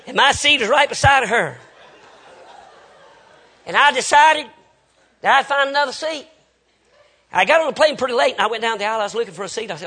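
A Baptist preacher man tells folksy stories in his sermon and acts out both sides of every exchange. His voice sits high for a man and rings bright and sharp. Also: lively intonation, fast, vocal fry, husky. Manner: folksy anecdotal storytelling with quoted dialogue. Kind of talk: storytelling sermon.

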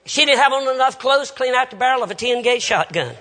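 A Baptist preacher man tells folksy stories in his sermon and acts out both sides of every exchange. His voice sits high for a man and rings bright and sharp. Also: animated, fast, a little hiss or hum. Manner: folksy anecdotal storytelling with quoted dialogue. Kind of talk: storytelling sermon.

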